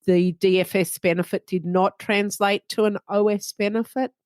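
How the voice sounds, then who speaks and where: A woman moderating a roundtable discussion, brisk and friendly as she hands over to guests. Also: mid-range voice, steady tone, a little mellow, no echo, clean studio sound. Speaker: host.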